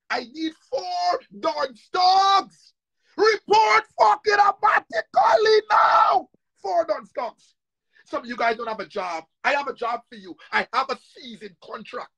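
A man on a heated livestream rant, angry, profane and repetitive, often shouting. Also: very high-pitched, vocal fry, breathy edge, no echo.

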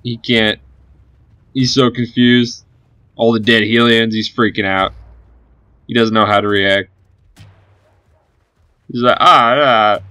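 A man's voice: lowish voice, little pitch movement, takes it slowly, long pauses, a bit bright, smooth, no room sound. A man giving live gameplay commentary as a gaming channel host, cheering on his units and swearing casually.

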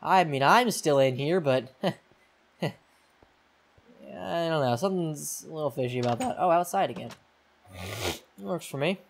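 A man's voice: on the high side, measured pace, creaky, long pauses. A young man playing a horror game and giving rambling, self-mocking casual commentary into a desk mic. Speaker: gaming YouTuber.

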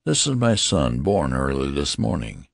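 A man's voice: very deep voice, big pitch swings, unhurried, vocal fry, no echo, clean studio sound, exaggerated voice. A man voicing a flustered, ashamed new father who stammers nervously in an audiobook. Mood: horrified.

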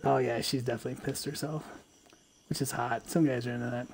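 A man's voice: medium pitch, fairly even intonation, brisk, a little hiss or hum. A man streaming a fishing game, chatting casually, joking and swearing freely. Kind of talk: casual live-stream chat.

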